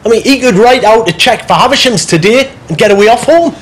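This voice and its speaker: A decent, conscientious workman who speaks earnestly and doubtfully. His voice sits high and moves a great deal. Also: expressive, quick pace. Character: decent, conscientious working man.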